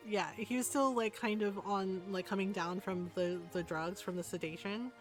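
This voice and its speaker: A woman's voice: mid-range voice, steady tone, moderate pace, few pauses. A woman streamer chatting casually while gaming, retelling stories with lots of quoted back-and-forth and frequent tag questions. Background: faint background music.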